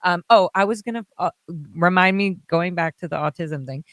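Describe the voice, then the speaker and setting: A woman's voice: lowish voice, normal speed, no echo. A woman guest telling long, rambling anecdotes in casual chat, often quoting other people. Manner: rambling, quotes people in their voices.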